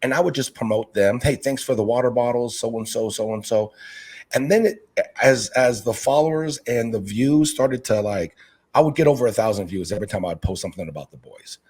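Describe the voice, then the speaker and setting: A husky-voiced man from Northern California tells stories with animation in a mid-range voice at a fairly quick clip. A youth basketball coach and aquarium channel creator, he acts out quoted voices during casual interview talk.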